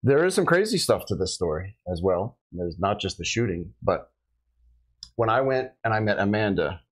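Man, middle-aged, lowish voice, police officer, casual podcast storytelling, animated quoting. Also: normal speed, poor audio. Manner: animated storyteller acting out quotes. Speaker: police officer recounting a shooting.

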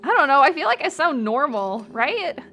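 A woman's voice: sits high, big pitch swings, moderate pace, bright, forceful tone. A woman VTuber streamer chatting casually, reading chat and thanking viewers, rambling, swearing often and laughing a lot. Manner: reads out chat names and thanks.

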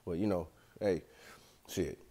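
Young guy vlogging, low voice, slangy and cussing a lot, just talking to the camera. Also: steady tone, a little slow, warm tone. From Atlanta, USA. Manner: loose, slangy and profane, talks straight to viewers. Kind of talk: casual rambling vlog.

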